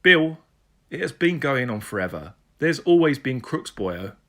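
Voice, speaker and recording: A man's voice: medium pitch, big pitch swings, measured pace, a bit bright, heavily acted. A man voicing a Welsh police sergeant who talks in a blunt, teasing way, with a Welsh accent. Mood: joking. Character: Welsh male police sergeant, jokey and crude.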